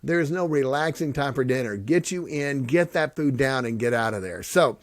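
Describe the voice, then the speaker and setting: A middle-aged man hosting a podcast, joking and sarcastic, swinging between loud bits and soft earnest talk. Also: medium pitch, animated, normal speed, dry recording. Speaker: podcast host and pastor. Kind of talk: casual podcast monologue.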